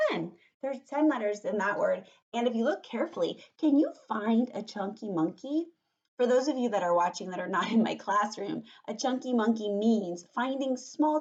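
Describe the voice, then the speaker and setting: Woman, kindergarten teacher, mid-pitched voice, slow encouraging vocabulary lesson, slightly dull lo-fi recording. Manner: slow, encouraging, with lots of rhetorical questions. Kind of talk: reading lesson for young children.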